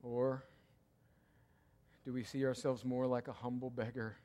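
A male pastor preaching in a church, his voice trailing off into a long hall reverb. He presses his points by repeating them, rising to loud cries and then sinking to near-hushed tones. His pitch sits in an ordinary middle range for a man. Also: completely flat delivery, measured pace. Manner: emphatic, repeats key lines, swings between loud cries and hushed tones. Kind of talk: sermon.

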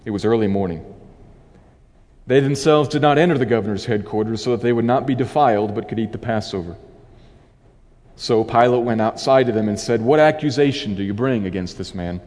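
A man preacher reading a scripture passage aloud and then explaining it as a sermon, in a measured, dramatic voice. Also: lowish voice, darkish tone, in a large hall.

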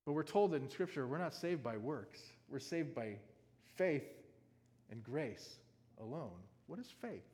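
A man's voice: mid-range voice, expressive, measured pace, darkish tone. Man preaching in a reverberant hall. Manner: conversational, asks the audience questions, often adds "right?". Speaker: pastor. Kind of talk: sermon with scripture reading. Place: large hall with a stage.

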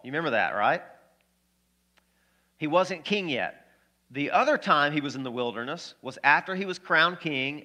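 Bright-voiced pastor preaching with energy. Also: male voice, a little high. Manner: energetic, conversational preaching with questions to the congregation. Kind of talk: sermon.

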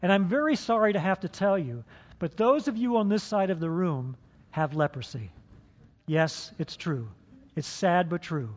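A man with a high voice delivers a sermon, theatrical and teasing as he draws the congregation into a role-play. The sound is dull and lo-fi, and a long reverb trails his words around the church hall. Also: lively intonation, moderate pace. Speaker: pastor.

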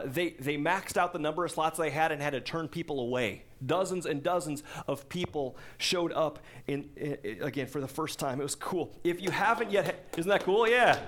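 Conversational preacher, a man with a higher voice. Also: fairly bright tone. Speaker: pastor. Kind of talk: sermon.

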